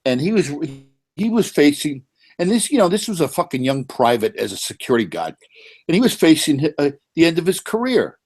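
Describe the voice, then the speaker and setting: Profane New man, animated. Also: a little high, brisk. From New York. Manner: animated, profane, frequent restarts. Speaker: panelist. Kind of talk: casual chat.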